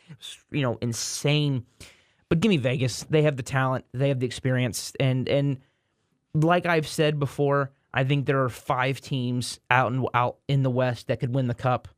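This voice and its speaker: A man's voice: mid-range voice, no echo, clean studio sound. A man hosting a casual sports podcast, rambling through playoff picks with frequent restarts and repeated words. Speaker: podcast host.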